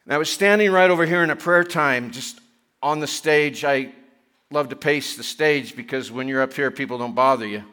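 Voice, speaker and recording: A middle-aged man preaching a sermon, chatty with joking asides, growing louder and higher when he reads and presses scripture. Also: moderate pace, smooth. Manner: chatty, self-deprecating asides between scripture readings; rising in pitch and force when reading and pressing scripture. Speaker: pastor.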